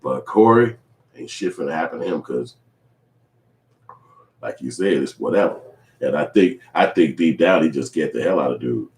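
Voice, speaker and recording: A man's voice: a bass voice, normal speed, vocal fry, pauses often, roomy sound, poor audio. Blunt, profane man. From Chicago. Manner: profane, blunt, animated storytelling. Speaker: YouTube commentator. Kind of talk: casual commentary vlog.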